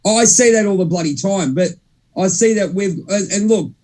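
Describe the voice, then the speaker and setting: A man's voice: high voice, normal speed, a little mellow. A young man, co-hosting a casual spiritual chat, rambling and cutting himself off mid-sentence. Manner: rambling, self-interrupting, swears mildly. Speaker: podcast co-host.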